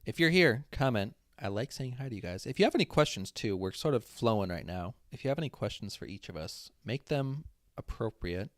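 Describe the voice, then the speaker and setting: Young guy streaming from his apartment, low tired voice, talks loud, dry sound. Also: lively intonation, brisk, few pauses, no echo. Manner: loud, chatty, lots of fillers. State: tired voice after long streams. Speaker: streamer host. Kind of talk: casual podcast chat on a livestream. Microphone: wearing noise-canceling headphones.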